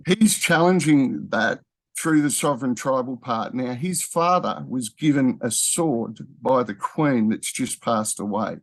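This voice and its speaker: A man's voice: mid-range voice, lively intonation, measured pace, no room sound. A man, talking casually in a rambling way, full of fillers and restarts. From Australia. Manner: rambling, with frequent fillers and self-corrections. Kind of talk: casual conversational talk.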